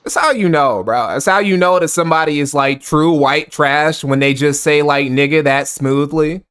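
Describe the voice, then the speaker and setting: A man with a somewhat high voice doing casual stream commentary. He mocks what he watches, laughs often and strings his sentences with "like". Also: moderate pace, fairly bright tone, clean tone. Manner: mocking, laughing, heavy use of "like". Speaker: streamer reacting to a video.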